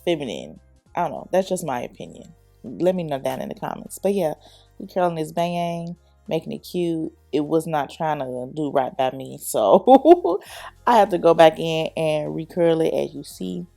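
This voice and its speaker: A young woman, chatty and quick to laugh, talks the viewer through a hairstyle. Her voice sits a little low, with a gravelly edge and a warm, mellow tone. Soft music plays under her. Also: dry recording. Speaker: hair tutorial vlogger. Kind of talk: casual chatty voice-over tutorial.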